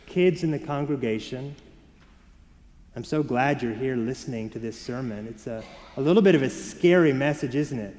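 A man preaching a Sunday sermon as pastor, shifting between soft, slow emphasis and lively storytelling for the children. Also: mid-range voice. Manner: varied and expressive, dropping soft for emphasis, rising for children. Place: church sanctuary. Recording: church hall reverb.

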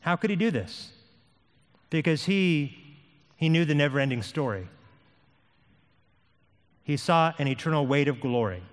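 A man's voice: on the high side, animated, a little slow, pauses often. A man preaching a sermon as pastor, with an impassioned delivery that rises and falls. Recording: long hall reverb.

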